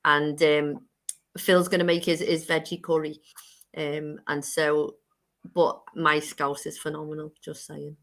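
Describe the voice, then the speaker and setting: A woman's voice: sits low, little pitch movement, unhurried. A woman co-hosting a casual chat show, talking in a chatty, rambling way and laughing often. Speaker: co-host.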